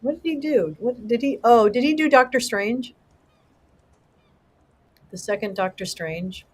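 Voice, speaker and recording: A middle-aged livestream host chatting casually with viewers, excitable and rambling, swearing freely. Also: medium pitch, a little slow, rough recording.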